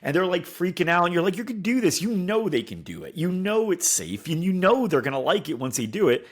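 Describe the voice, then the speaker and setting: A man co-hosting a casual podcast chat, animated, acting out other people's lines in changing voices. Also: sits high, a little fast. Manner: animated, acts out quotes in voices. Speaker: podcast co-host.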